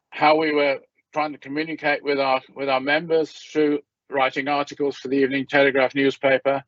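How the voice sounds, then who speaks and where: A man with a croaky voice giving a measured, formal presentation at a meeting, with small restarts. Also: medium pitch, dry recording. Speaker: hospital governor presenting at a meeting. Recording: dull, lo-fi meeting audio.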